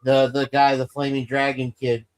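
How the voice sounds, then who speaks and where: A man's voice: medium pitch, monotone, moderate pace, clear, resonant tone, poor audio. A man hosting a casual show, rambling and joking with a co-host about movies. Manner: rambling, jokey, quotes movie lines in shouted voices. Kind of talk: casual banter.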